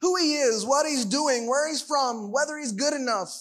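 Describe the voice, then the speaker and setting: A man's voice: very high voice, normal speed, a bit bright. A man preaching a sermon, emphatic and full of rhetorical questions.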